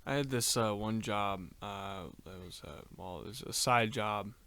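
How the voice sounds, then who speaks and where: This podcast co-host is a man with a lowish, smooth voice that is a little slow and a bit bright. He tells a long, rambling story on a casual show, full of ums and uhs and freely dropped swear words.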